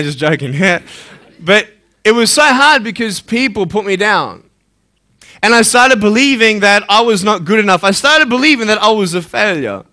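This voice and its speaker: A man's voice: high-pitched, sharp tone. A young man giving a live motivational talk to an audience, joking playfully and then turning earnest and searching. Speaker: motivational speaker.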